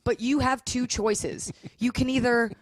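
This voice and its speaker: A young woman comedian, a guest on a podcast, talking in a casual, animated way and acting out quotes. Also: a little high, measured pace, no echo. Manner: animated storytelling with acted quotes. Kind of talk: casual chat.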